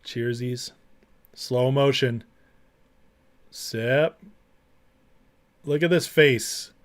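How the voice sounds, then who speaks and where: The livestream host speaks extremely slowly at medium pitch, chatting casually, going through chat, and mocking clips while laughing a lot.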